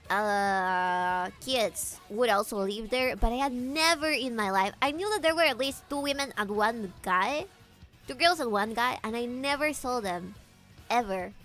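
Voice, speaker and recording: A woman streamer chatting casually with her viewers, animated, laughing often and swearing freely, with faint guitar music behind. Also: on the high side. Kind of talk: casual livestream chat.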